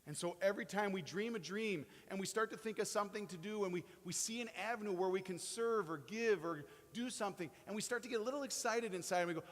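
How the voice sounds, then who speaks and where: A man preaching a sermon as pastor, dropping soft for quotes and rising with excitement. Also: fairly high pitch, brisk. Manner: swings between hushed quoting and rising excited emphasis. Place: church sanctuary. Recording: long hall reverb.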